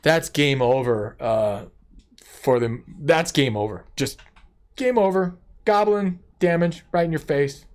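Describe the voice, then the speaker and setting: Excitable man gushing over game cards. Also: a little high, measured pace. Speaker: card game deck reviewer. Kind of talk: casual card-by-card commentary.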